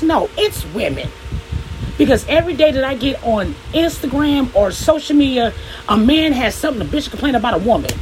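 A woman's voice: high-pitched, animated, fairly quick, a little mellow, slight background noise, poor audio. A young adult woman delivering a heated, profane opinion rant to camera, blunt and confrontational and plainly upset. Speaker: vlogger.

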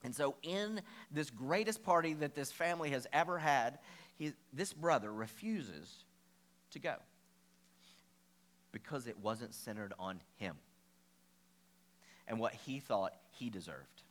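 A man preaching a sermon as pastor, telling a story with animated, acted-out quotes. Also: mid-range voice, unhurried, pauses often.

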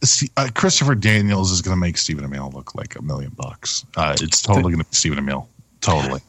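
A man's voice: extremely low pitch, expressive, quick pace, fairly bright tone, no echo. A man co-hosting a casual wrestling chat podcast, loose and profane in his talk. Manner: loose and profane, laughs easily. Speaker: podcast co-host.

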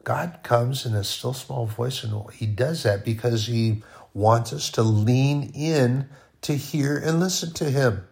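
A man giving an informal, conversational sermon, often dropping to a quiet voice. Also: mid-range voice, slow pace, vocal fry. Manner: conversational, with sudden soft drops to near-quiet. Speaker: preacher.

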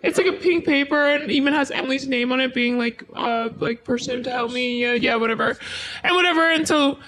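A woman's voice: high voice, brisk, fairly bright tone. A woman telling a personal story in a casual, rambling way, full of "like" and frequent swearing.

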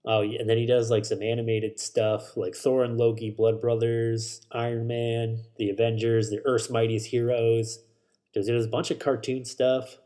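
A man's voice: medium pitch, flat delivery, normal speed, warm tone. A man hosting a solo podcast, rambling casually about shows and movies, swearing and correcting himself as he goes. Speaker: podcast host.

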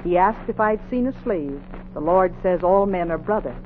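A woman playing a calm devout Quaker woman. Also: on the low side, normal speed, natural voice. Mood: firm. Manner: steady, firm, righteous. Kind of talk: 1950s radio drama acting. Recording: tinny old radio recording with hiss.

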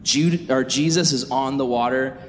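A young man giving a youth sermon as a youth pastor, jokey and animated, acting out the people in his stories. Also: moderate pace. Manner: animated, jokey storytelling with acted-out voices. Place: church sanctuary. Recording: echoey hall with faint rumble.

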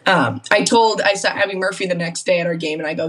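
A woman's voice: fairly low pitch, fast, a bit bright, far from the mic. A young woman from Minnesota, a guest on a podcast, telling stories in casual chat and acting out what people said. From Minnesota, USA. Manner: chatty storyteller, acts out quotes. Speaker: guest hockey player.

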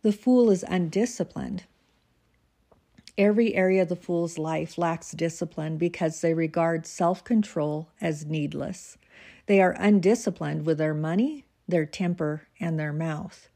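A woman's voice: lowish voice, measured pace, warm tone. A woman reading devotional notes and scripture aloud, then chatting about them loosely and laughing at herself. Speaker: devotional reader. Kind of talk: casual devotional reading and commentary.

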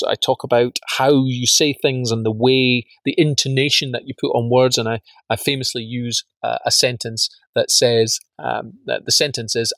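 A man's voice: mid-range voice, fairly bright tone, no echo. Emphatic man teaching with dry close sound. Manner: emphatic, rhetorical questions, repeats words. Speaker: business course teacher. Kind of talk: spoken lesson on facts and truth.

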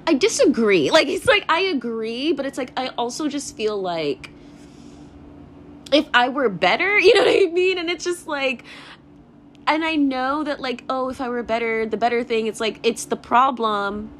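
Young woman, podcast host, casual confessional rant, rambling, lots of swearing, higher voice, faint hiss. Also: expressive, moderate pace, fairly bright tone. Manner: rambling, swears a lot, laughs often.

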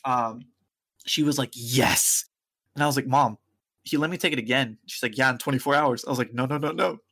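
Young male podcast co-host, animated storyteller who plays every part. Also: medium pitch, fast. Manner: animated storyteller acting out quoted voices, laughing often. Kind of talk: casual chat, storytelling.

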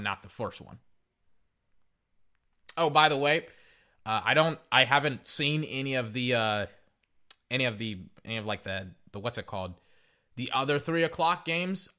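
A man hosting a sports podcast, chatting casually and rambling through play-by-play with frequent restarts. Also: medium pitch. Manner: rambling, restarts, excited outbursts. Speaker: podcast host.

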